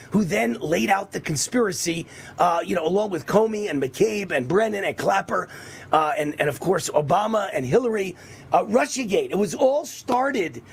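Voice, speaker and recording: Male talk show host, high raspy voice, emphatic and repetitive. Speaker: radio and TV host. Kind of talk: political talk show monologue.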